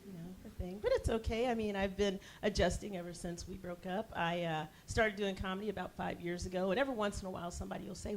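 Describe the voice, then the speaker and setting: A woman, performing a stand-up set on a theater stage, with a brassy, punchy delivery that jumps suddenly loud. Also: medium pitch, steady tone, fast talker, few pauses, a little hiss or hum. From United States. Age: 40s. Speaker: stand-up comedian.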